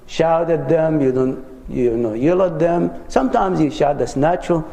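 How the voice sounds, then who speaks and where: Guy teaching a class, earnest and chatty, mellow higher voice, big echoey hall. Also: normal speed, vocal fry. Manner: earnest, conversational, shares personal anecdotes. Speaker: religious teacher. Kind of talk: lecture on parenting. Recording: roomy hall with long reverb.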